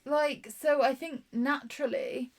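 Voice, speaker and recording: A woman from the UK co-hosts a casual review podcast, teasing her partner and pushing back with ease. Her voice sits a little higher than average. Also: steady tone. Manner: teasing, quick to push back.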